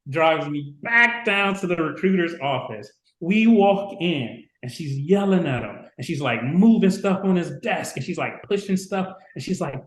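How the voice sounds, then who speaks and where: Guest, man in his 40s, from Chicago, lively storyteller, slightly high voice, echoey room. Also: moderate pace. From Chicago, USA. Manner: lively anecdote-telling, acting out quoted people. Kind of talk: casual storytelling interview. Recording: roomy echo.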